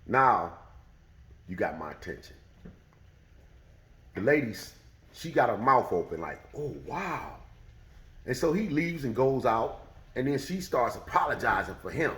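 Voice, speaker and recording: Animated man telling a story, echoey room. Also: mid-range voice, moderate pace, long pauses. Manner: animated, acts out the other people's voices. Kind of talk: casual storytelling.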